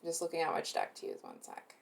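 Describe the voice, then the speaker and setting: A woman giving a tarot reading to her viewers, speaking softly and hesitantly, earnest and emotionally moved, with many fillers and restarts. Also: rumbling low, huge pitch swings, fast talker, gravelly, slight background noise. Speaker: tarot reader.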